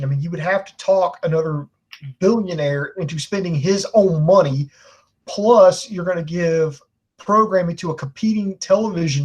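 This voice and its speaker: A man with a high, husky voice co-hosts a casual podcast chat. He talks in a laid-back way and reasons things through aloud. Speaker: co-host.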